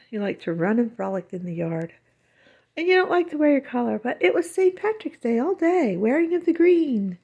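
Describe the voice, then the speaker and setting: At home, a woman talks to her dog in doting, sing-song baby talk. Her voice is high-pitched and creaky.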